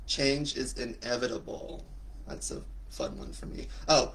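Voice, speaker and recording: A man's voice: medium pitch, sing-song, a little slow, a bit bright. A middle-aged man hosting a casual livestream, joking and campy, greeting viewers by name with big upward swoops in his voice. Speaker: livestream host and coach.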